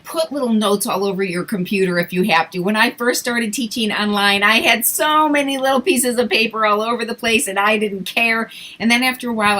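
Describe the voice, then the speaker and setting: Bright-voiced woman giving teaching tips. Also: mid-range voice, low-quality recording. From English-speaking country. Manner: clear, slow modeling of words for children. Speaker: online English teacher. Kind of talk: casual teaching tips vlog.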